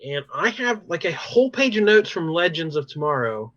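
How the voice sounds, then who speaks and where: A man hosting a podcast, recapping TV episodes in an animated, rambling way with many fillers. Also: a little high, normal speed, dry recording, dull audio. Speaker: podcast host. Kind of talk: casual chat recapping TV episodes.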